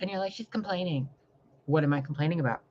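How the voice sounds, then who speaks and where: A woman's voice: sits low, rapid-fire, muffled recording, slight background noise. Fiery, confrontational woman ranting. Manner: fiery, confrontational, heavy swearing, rhetorical questions. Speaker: tarot reader and spiritual channel host. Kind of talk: impassioned spiritual monologue.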